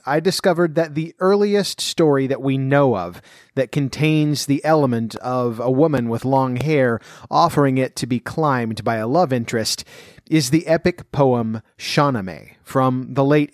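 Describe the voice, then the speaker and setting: A man reading a fairy tale aloud in a measured, even way, then talking about where the story came from. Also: medium pitch, no echo, clean studio sound. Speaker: storyteller and folklore commentator.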